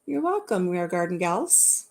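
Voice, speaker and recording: A woman in her fifties hosting a live chat and telling stories in a warm, chatty way, laughing at herself. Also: fairly low pitch, sing-song, normal speed, creaky. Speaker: host.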